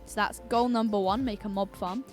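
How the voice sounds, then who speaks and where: A young British gaming YouTuber rambles casually while commentating her own gameplay, giggling and cutting off her swears. Her mid-range voice is steady and brisk, and her own song plays faintly in the background.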